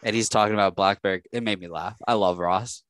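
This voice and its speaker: A young man, a sports reporter, telling stories in a casual chat, animated and laughing often. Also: on the low side, a little fast, clean tone, dry recording.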